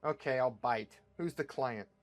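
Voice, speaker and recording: A man's voice: medium pitch, unhurried, voice pushed down, lightly acted. A man voicing a grumpy, broke male crook who talks in a snappy, sarcastic way. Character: grumpy broke male self-described psychopath.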